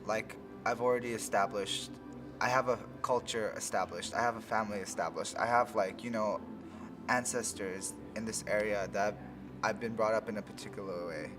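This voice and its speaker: A man with a fairly low voice gives a thoughtful interview answer and pauses with fillers now and then. He sounds set back from the microphone, and music plays clearly underneath him. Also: steady tone. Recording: distant mic with music behind.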